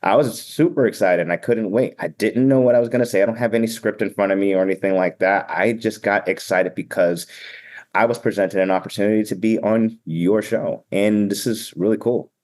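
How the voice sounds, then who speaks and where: Hyped-up boston guy, low voice, talks fast and blunt about emceeing. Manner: energetic, upbeat and sometimes blunt. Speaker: event emcee and keynote speaker. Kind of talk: casual podcast interview.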